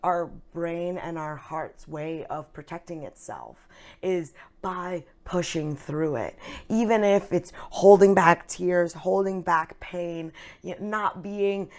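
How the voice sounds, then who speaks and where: A woman's voice: on the low side, slow, a little mellow. A woman, an actress, speaking openly and earnestly about her feelings in a casual interview chat, with plenty of fillers. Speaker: actress, guest.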